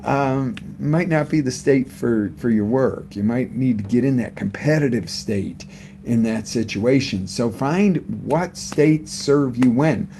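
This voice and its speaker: A man's voice: medium pitch, unhurried, mellow, slight background noise. A man coaching live, talking unscripted and asking his listeners questions about their week and their state of mind. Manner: conversational, asks the audience questions. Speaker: motivational coach. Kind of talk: unscripted live motivational talk. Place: live broadcast setup.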